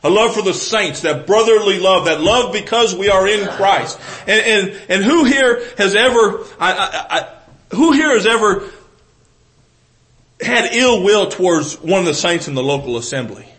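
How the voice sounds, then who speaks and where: A man preaching in a Southern US accent, with a voice pitched a little above most men's. He talks earnestly, restarting phrases, and moves between loud, emphatic lines and soft, close asides. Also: lively intonation, a little slow, low-quality recording. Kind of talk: sermon.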